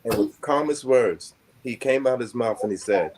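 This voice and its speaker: A man's voice: medium pitch, normal speed, darkish tone, slight background noise. An older man telling a long personal story in casual conversation, reflective and rambling with many fillers. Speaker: guest.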